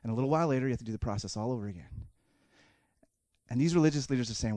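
A man preaching a sermon as a pastor, animated, voicing the thoughts of people in the story and swinging between loud bursts and hushed asides. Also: mid-range voice, racing, dry recording, clean studio sound.

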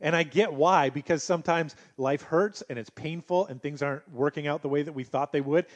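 A man preaching a sermon as pastor, moving between loud, emphatic urging and quiet, low asides.

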